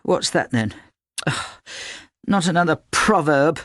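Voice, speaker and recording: A man's voice: a little high, expressive, slow pace, a bit bright, no echo, studio quality, voice pushed up. A man voicing a sulky, sarcastic teenage girl in an audiobook reading.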